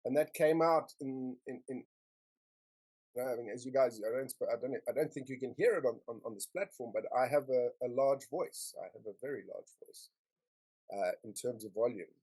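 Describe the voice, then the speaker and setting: A man's voice: medium pitch, normal speed, darkish tone, slightly rough, poor audio. A middle-aged man candidly sharing his personal story on an online panel, emotional and earnest, often repeating phrases as he speaks over a video call.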